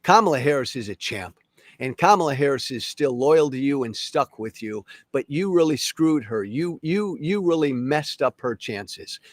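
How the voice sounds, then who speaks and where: A middle-aged man talks alone into the mic as a podcast host, angry and emphatic. His voice sits at an ordinary pitch. The sound is dry and close, with no room around it. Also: animated, normal speed, no room sound. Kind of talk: solo opinion monologue.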